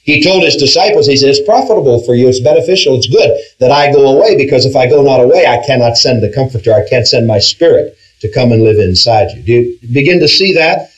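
A man's voice: mid-range voice, animated, fast, few pauses, rough recording. A man teaching an interactive Bible class, asking his group questions and stressing key words, with frequent restarts. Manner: questioning, emphatic, with frequent restarts and "all right".

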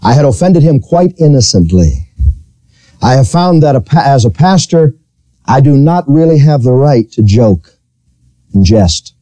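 Man, pastor, sermon, lively swinging pitch, mellow tone, dry sound. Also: unhurried, dry recording. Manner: storytelling preacher, animated, rising to high pitch when quoting. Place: church.

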